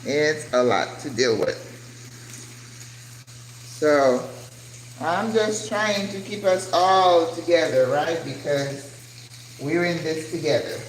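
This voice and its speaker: An older woman hosting a casual cooking livestream, chatting animatedly and answering viewer comments as she cooks. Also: a bass voice. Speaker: cooking channel host. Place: home kitchen. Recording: echoey kitchen with frying noise.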